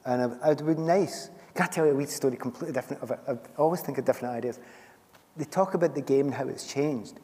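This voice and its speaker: A man's voice: mid-range voice, quick pace, mellow. A middle-aged Scottish man, a guest author on a festival stage, talking in a chatty storytelling way and laughing often. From Scotland. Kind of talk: stage conversation at a book festival. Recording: long hall reverb from a festival stage.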